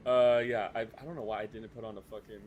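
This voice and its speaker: Male streamer, lowish voice; casual, meandering, profane live chat. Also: steady tone, fast, a little mellow, slight background noise. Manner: rambling, swears often, restarts sentences.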